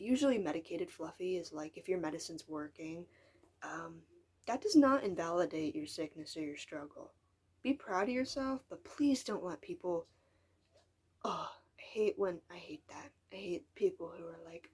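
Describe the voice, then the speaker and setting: Breathy eighteen-year-old woman venting. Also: fairly low pitch, lively intonation, normal speed, darkish tone. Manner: frustrated, candid, rambling with whispered asides. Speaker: vlogger. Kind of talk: casual vlog monologue.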